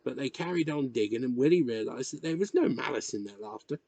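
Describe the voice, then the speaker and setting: A man reading a novel chapter aloud in measured, expressive narration. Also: medium pitch, gravelly, slightly rough, no room sound. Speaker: reader. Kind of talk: audiobook narration.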